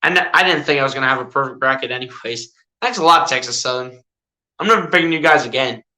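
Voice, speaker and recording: A man giving casual fan-style live play-by-play of a basketball game, chatty and excitable, often tossing in "dude". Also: medium pitch, fast. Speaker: streamer doing live play-by-play.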